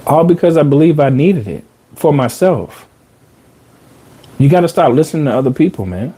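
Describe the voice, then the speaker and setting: A man hosting a podcast, telling a personal story in a casual, animated way, full of slang and repeated phrases for emphasis. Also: on the high side, normal speed, breathy edge. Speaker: podcast host.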